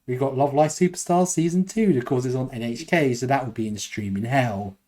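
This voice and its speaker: A young British man co-hosts a podcast, rambling through casual chat with self-deprecating humor and frequent laughter. His mid-range voice is brisk and dark in tone.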